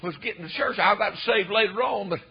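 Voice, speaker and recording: An older man, preaching a fervent storytelling sermon that swells into emphatic shouts. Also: sits high, fairly quick, creaky, slightly rough. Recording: dull lo-fi recording.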